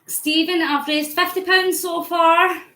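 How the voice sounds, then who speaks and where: A Scottish woman from near Glasgow, a fundraising vlogger, live-streams while cycling, chatting and answering viewer comments aloud with frequent laughs. Her voice is extremely high with little pitch movement, unhurried, pushed and bright. The recording is reverberant and low quality.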